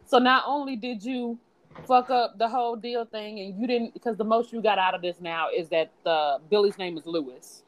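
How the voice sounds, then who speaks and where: A woman's voice: mid-range voice, moderate pace, low-quality recording. A woman co-hosting a movie review podcast, reacting bluntly and profanely in casual chat. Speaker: podcast co-host.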